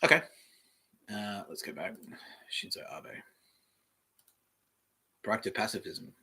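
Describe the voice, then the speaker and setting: Guy hosting a solo podcast, kinda low and punchy, reads stuff off the web, rambles and swears. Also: big pitch swings, slow pace, bright, forceful tone, husky. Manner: rambling, thinks aloud, swears. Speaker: podcast host. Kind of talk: casual solo podcast reading aloud from the web.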